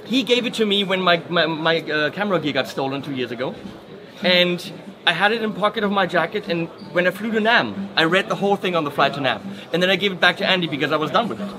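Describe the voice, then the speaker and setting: A man's voice: high-pitched, quick pace. A man hosting casual, jokey banter at a guitar trade show. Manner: jokey, excitable. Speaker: YouTube host. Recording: loud crowd chatter behind.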